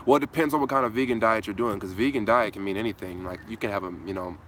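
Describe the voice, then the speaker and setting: A man's voice: fairly low pitch, very fast, a bit bright, a little hiss or hum. Laid-back man chatting live outdoors. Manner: laid-back slangy talk, answers viewer comments. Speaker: host. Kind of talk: casual live Q&A chat. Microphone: phone held in hand.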